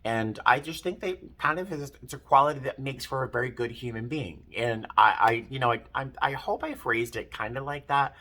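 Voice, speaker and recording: This vlogger's voice sits in the mid range with a sharp edge, moving at a normal speed with few pauses. He rambles through a personal story in a laid-back video, frequently interrupting himself to restart what he was saying.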